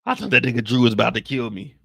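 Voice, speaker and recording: Very fast and gravelly, a mid-range male voice delivers a slangy, comedic recap of a TV episode, animatedly acting out scenes. The studio-quality recording has no room sound.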